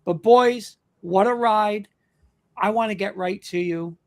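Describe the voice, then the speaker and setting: A man's voice: high voice, measured pace. A man hosting a live fan show, talking emphatically and repeating himself. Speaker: host.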